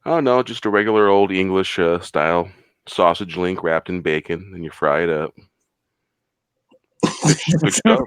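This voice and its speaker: A man's voice: deep voice, a little slow, pauses often, clear, resonant tone, no room sound. A man hosting a casual podcast chat, easygoing and laughing along.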